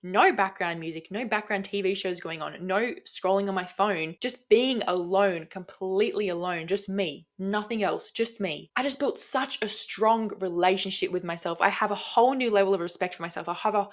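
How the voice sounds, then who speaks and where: A woman's voice: medium pitch, normal speed, few pauses. A woman hosting a casual solo podcast, rambling bluntly with frequent swearing and lots of enthusiasm. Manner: enthusiastic and self-talking. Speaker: podcast host.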